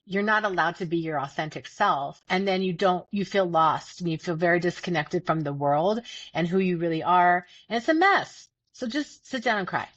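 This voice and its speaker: Her voice is fairly low yet fairly bright, at normal speed, with no room sound, as she hosts a casual self-help podcast about feelings. Earnest and emphatic, she often repeats words, and the lo-fi recording comes across dull and dry.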